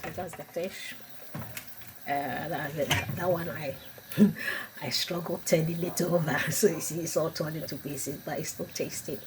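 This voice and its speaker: Slow, chatty woman cooking at home. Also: sits low, steady tone, background noise. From Ghana. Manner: chatty, laughs often, talks to viewers. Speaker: cooking vlogger. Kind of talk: casual cooking demonstration. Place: home kitchen.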